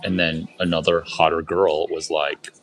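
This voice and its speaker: A man's voice: extremely low pitch, flat delivery, moderate pace, low-quality recording. A man doing crude, boastful stand-up on a club stage, rambling through a story and talking straight to the crowd. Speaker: open-mic performer.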